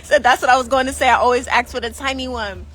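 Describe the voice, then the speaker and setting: A woman vlogger telling a casual storytime, animated and slangy, laughing often. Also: high voice, fast, low-quality recording.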